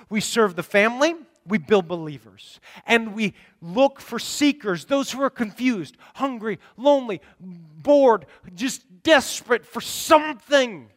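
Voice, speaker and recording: A man's voice: very high voice, a bit bright. A man preaching a conversational sermon as pastor, rambling and often repeating words as he talks. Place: church sanctuary. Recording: long reverb of a large hall.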